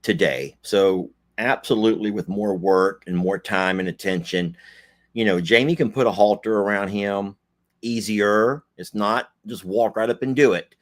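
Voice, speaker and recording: Co-host, middle-aged man, lower pitch, folksy and joking in easy livestream chat. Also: normal speed. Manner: folksy, joking, animated asides.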